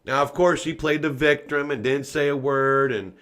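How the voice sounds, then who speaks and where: A man hosting a political commentary podcast, swearing freely and ranting with loud outbursts, in a casual, folksy way of talking straight to his viewers. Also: a little high, steady tone, normal speed. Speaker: podcast host.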